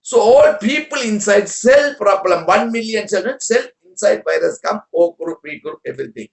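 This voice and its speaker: A man with a high voice gives a spiritual talk in halting, repetitive English. The sound is echoey, as if recorded in a room. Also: expressive, creaky. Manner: broken English, repetitive, rambling. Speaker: spiritual teacher.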